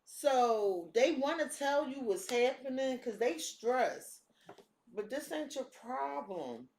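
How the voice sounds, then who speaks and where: A woman's voice: high voice, big pitch swings, takes it slowly, a little mellow. A woman doing a casual tarot reading, talking bluntly and cursing freely. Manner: blunt, profane, streetwise talk. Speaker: tarot reader. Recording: echoey room.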